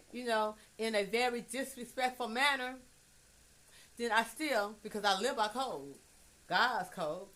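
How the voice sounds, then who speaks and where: A woman musing in a casual monologue, blunt and profane, swinging from hushed asides to emphatic loud bursts. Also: medium pitch. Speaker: vlogger.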